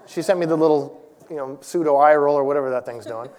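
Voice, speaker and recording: A man's voice: fairly high pitch, fast talker, a little mellow. Storytelling male preacher in a big hall. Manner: conversational storytelling with self-deprecating humor. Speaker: church elder preaching. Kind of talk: sermon. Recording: long reverb of a large hall.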